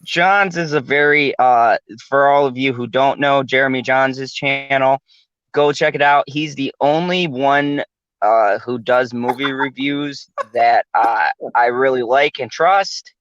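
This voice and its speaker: A man's voice: medium pitch, a little slow, fairly bright tone, smooth, dry recording, highs cut off. A man hosting his channel in casual podcast chat, rambling with fillers and laughing often. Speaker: channel host.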